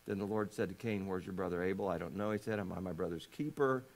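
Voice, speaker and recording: A man preaching a sermon, telling scripture quietly and then rising to loud, fervent appeals, often asking his listeners rhetorical questions. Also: sits low, fast. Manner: swings from hushed storytelling to shouting fervor; asks the congregation rhetorical questions. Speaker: pastor.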